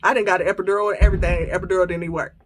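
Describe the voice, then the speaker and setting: A woman, hosting a podcast and telling a personal story to her listeners in a casual, animated way, laughing as she goes and acting out her own quoted lines. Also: fairly low pitch, very fast, a little hiss or hum. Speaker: podcast host.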